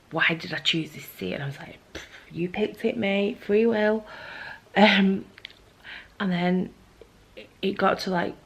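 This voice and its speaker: A young woman, chatting to camera in a vlog and retelling a story in a gossipy, animated way. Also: fairly low pitch, gravelly, husky, poor audio. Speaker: vlogger.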